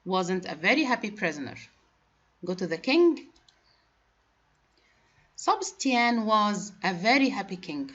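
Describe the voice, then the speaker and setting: A woman's voice: medium pitch, a bit bright. A woman whose first language is Arabic teaches English grammar in a patient classroom lesson, spelling out letters and rules one by one. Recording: dull lo-fi recording.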